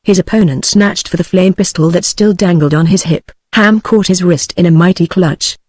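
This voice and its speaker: A text-to-speech woman's voice with a British English accent, reading audiobook narration in an even, steady way. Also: on the low side, normal speed, dry recording, clean studio sound.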